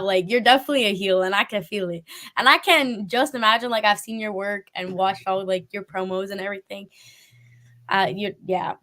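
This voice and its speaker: Woman host, mid pitch, chatty, enthusiastic, laughs a lot. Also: fairly bright tone. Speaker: podcast host. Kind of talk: casual interview chat.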